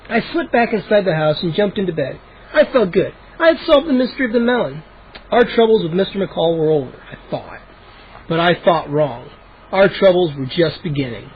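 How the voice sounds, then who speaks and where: A man's voice: fairly high pitch, lively intonation, moderate pace, a little hiss or hum. A man cold-reading a children's book aloud, with occasional slips and restarts, in a dull lo-fi home recording. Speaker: audiobook reader. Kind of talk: cold-read storybook narration.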